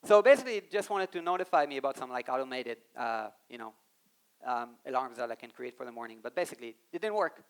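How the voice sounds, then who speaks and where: A man giving an animated live talk on a conference stage, speaking straight to the audience and acting out quoted voices. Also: medium pitch, fast, clean tone. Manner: animated, addresses the audience directly.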